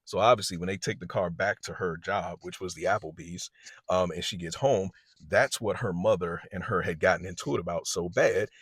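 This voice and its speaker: A man's voice: deep voice, a little fast, breathy edge, dry recording, clean studio sound. A man telling a personal story in a casual vlog, acting out what other people said. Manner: animated storyteller, quotes others in lively voices.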